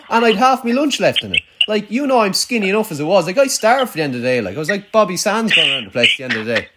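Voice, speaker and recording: A man's voice: high-pitched, big pitch swings, quick pace, very noisy. Rambling sweary young Irish man. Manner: rambling, sweary, self-mocking storytelling. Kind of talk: casual banter with an old schoolmate.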